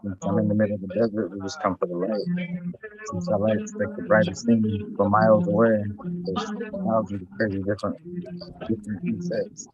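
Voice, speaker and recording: A podcast host with a lowish voice talks a little fast in casual chat, rambling, swearing heavily and packing his speech with "like" and other fillers. The sound is lo-fi, with a crowd audible behind him.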